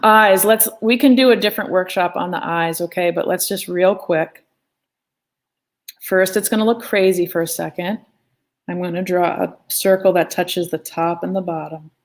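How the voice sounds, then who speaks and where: A woman's voice: lowish voice, steady tone, normal speed. A woman teaching a live online drawing lesson in a chatty, playful way, talking as she draws. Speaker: art teacher. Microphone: phone.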